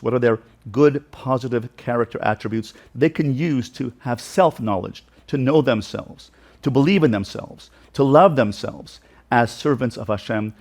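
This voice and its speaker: A man's voice: medium pitch, a little mellow. A man speaking as a rabbi in an inspirational talk, earnest and heartfelt, building emphatic repeated lists.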